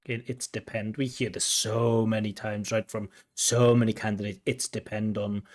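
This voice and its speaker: A man's voice: on the low side, level tone. A man working as an IELTS examiner, giving spoken feedback on a candidate's answers in a corrective, explanatory way. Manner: explanatory, corrective, pauses to replay and comment.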